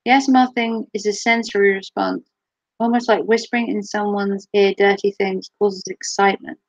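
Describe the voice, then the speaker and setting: A woman's voice: mid-range voice, fairly even intonation, moderate pace, muffled recording. A woman chatting casually on her live stream, giggling often and swearing freely. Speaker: livestreamer.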